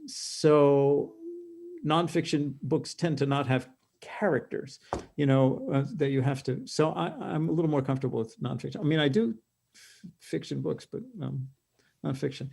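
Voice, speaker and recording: An older man, a guest actor and audiobook narrator, talking casually in a halting, self-deprecating way that trails off softly. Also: a little high, vocal fry. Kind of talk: casual chat.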